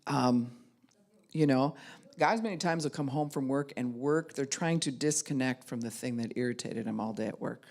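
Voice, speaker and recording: A woman's voice: a bass voice, normal speed, darkish tone. A middle-aged woman pastor giving a conversational teaching talk, speaking candidly and frankly and acting out the voices of people she quotes.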